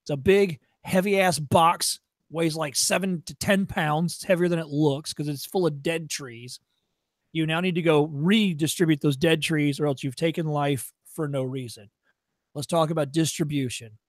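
Male workshop presenter, high voice, dry sound; blunt, profane, tough-love delivery. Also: fairly even intonation, no room sound. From Chicago area. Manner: acts out shopkeepers in quick voices. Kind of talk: workshop lecture.

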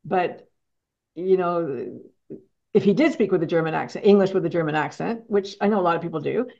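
A woman's voice: lowish voice, animated, brisk, creaky, a little mellow, dull audio. A woman hosting a casual film chat, talking frankly and laughing easily as she disagrees. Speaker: show host. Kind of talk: casual chat about films.

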